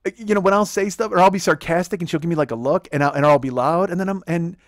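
A man hosting a comedy podcast, rattling off profane rants at a fast clip. His voice sits a bit high for a man and comes through a close microphone in a dry room with no echo. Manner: profane, rambling, rapid rants with mocking put-on quotes. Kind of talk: casual comedic chat. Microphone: close studio microphone.

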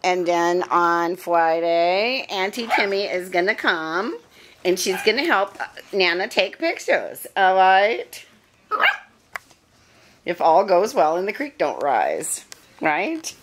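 Older woman in lively puppy baby talk. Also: slow pace, noisy background. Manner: high sing-song baby talk to puppies. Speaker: dog breeder talking to puppies. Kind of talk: casual vlog talking to puppies.

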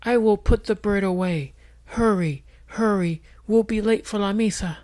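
A man doing a brisk, bossy grandmother. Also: high voice, a little mellow, pitched above the performer's own voice, close to an everyday voice. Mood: hurried. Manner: brisk and scolding. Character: middle-aged grandmother, bossy and practical.

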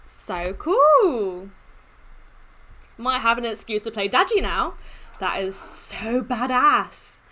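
A woman with a high, bright voice that swings widely in pitch. She gushes excitably through casual gaming commentary as she opens in-game chests. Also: slow pace, long pauses. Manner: excitable, gushing, squeals with delight. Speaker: gaming YouTuber.

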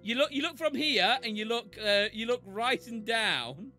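A man's voice: extremely high pitch, expressive, moderate pace, sharp tone, soft background music. A man hosting a gaming stream, teasing his partner and patiently explaining the game in casual banter. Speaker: streamer host.

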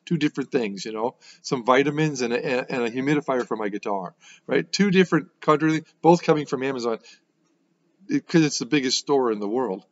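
A man walks through scripture in a relaxed, conversational way, thinking aloud and tossing in quick "right?" asides. His voice sits at an ordinary middle pitch. The recording sounds slightly muffled and dull. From United States. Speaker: host giving a Bible devotional. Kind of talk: informal devotional teaching.

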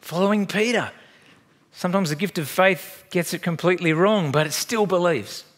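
Animated Australian pastor preaching. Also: male voice, sits high, moderate pace. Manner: storytelling, animated and chatty, laughs at own stories. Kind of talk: sermon.

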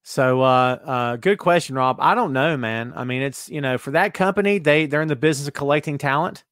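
A brisk, fairly high-voiced man hosts a casual podcast, reading out what listeners wrote and replying sarcastically. He's animated and jumps from loud asides to muttering under his breath. It's recorded in studio quality with no room sound.

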